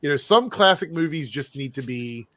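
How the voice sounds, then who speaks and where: A man's voice: a little high, lively intonation, normal speed, a bit bright. A man hosting a casual live-stream chat, joking and teasing his guests. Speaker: host.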